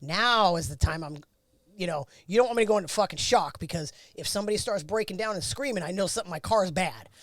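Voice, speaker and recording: A woman's voice: lowish voice, fast talker, no room sound. A middle-aged woman, a former race car driver, bluntly recounting a crash in a candid interview, swearing freely.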